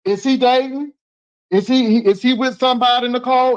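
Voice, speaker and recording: High-voiced sassy man teasing. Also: fairly even intonation, brisk, lo-fi sound. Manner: sassy, teasing, emphatic repetition. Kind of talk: casual live call-in chat.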